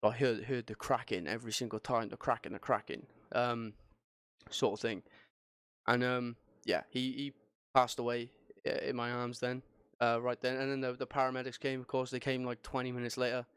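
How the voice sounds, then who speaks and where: A man's voice: medium pitch, little pitch movement, normal speed, a bit bright, clear, resonant tone, dry recording, clean studio sound. A young man hosting a podcast, recounting a personal story in a rambling way, with many fillers and restarts. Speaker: podcast host.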